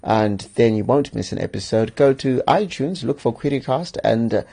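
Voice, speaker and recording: A man's voice: medium pitch, expressive, moderate pace, vocal fry, warm tone, husky. A man hosting a solo podcast, giving advice in an emphatic, joking way and chuckling often. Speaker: podcast host.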